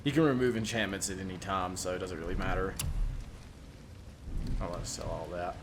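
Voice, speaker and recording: A man's voice: low-pitched, steady tone, a little fast, noisy background. A man streaming a video game, thinking aloud in a casual, hesitant way with frequent swearing. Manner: mumbling to himself, swearing, hesitant. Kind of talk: casual gameplay commentary.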